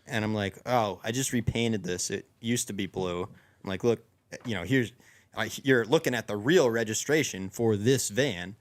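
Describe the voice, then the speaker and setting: A man's voice: lowish voice, moderate pace. A young man casually telling a long story among friends, rambling with lots of restarts and fillers. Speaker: podcast co-host.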